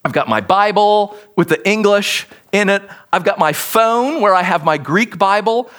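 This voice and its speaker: A man preaching a sermon as pastor, with an expressive, emphatic teaching delivery. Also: high voice, moderate pace.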